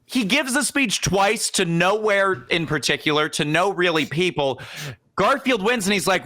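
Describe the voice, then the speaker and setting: A young man co-hosting a casual podcast, spinning a comic history tale. His voice sits high and swoops widely. The tone is bright, and he keeps breaking into playful mock voices for the people in the story. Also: moderate pace. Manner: animated, jumps into exaggerated quoted voices. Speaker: podcast co-host.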